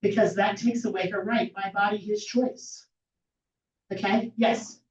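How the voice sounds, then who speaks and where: A woman's voice: mid-range voice, steady tone, a little slow, darkish tone. Brief: woman presenter, emphatic, in a roomy hall, mic far off. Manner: emphatic, rhetorical questions. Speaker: speaker at a political meeting. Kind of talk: persuasive presentation. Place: meeting hall. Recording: echoey room from far off, dull lo-fi.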